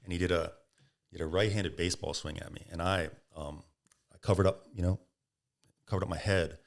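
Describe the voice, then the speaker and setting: A man's voice: deep voice, a little fast, creaky. A middle-aged man, a podcast guest, telling a story in casual talk and acting out the quotes with bursts of laughter. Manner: animated, acts out quotes with laughs.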